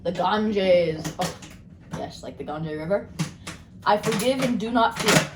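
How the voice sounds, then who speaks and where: A woman giving a casual tarot card reading, bubbly and rambling as she talks excitedly. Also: mid-range voice, measured pace, roomy sound, very noisy. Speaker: tarot reader.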